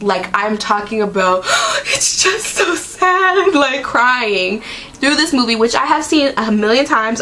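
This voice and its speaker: A woman's voice: mid-range voice, fairly bright tone. A woman in her twenties chatting to camera in a rambling vlog from home, full of "like" and "um". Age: 20s. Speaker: vlogger. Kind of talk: casual chat.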